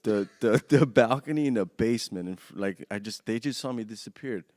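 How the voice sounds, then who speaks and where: A man's voice: lowish voice, a little fast, a little mellow, no room sound. Rambling storyteller man, dry studio sound. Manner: rambling, restarts often, laughs through his telling. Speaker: podcast guest. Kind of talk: animated storytelling. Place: podcast studio.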